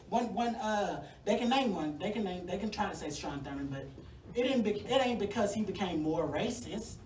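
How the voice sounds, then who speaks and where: A woman's voice: medium pitch, a little mellow, recorded from a distance, slight background noise. Fired-up woman speaking in an echoey room. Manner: sassy, fired-up, folksy. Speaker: congressional primary candidate. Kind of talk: campaign stump speech. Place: venue hall at a forum. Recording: echoey room, mic from afar.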